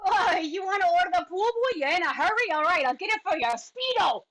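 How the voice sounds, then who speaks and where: A woman improv player bantering loudly like a brash diner waitress. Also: very high voice, expressive, fairly quick.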